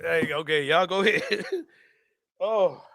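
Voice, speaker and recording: Man, sports show host, high voice, dry close mic. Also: slow, vocal fry, no room sound. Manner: loud, laughing storyteller, swears freely. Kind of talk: casual sports chat.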